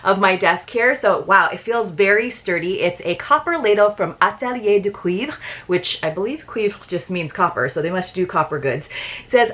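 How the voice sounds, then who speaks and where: A woman's voice: medium pitch, animated, normal speed, a bit bright. A woman chatting casually to viewers as she unboxes and admires items at her desk, thinking aloud as she goes. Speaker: subscription box reviewer. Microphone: desk setup.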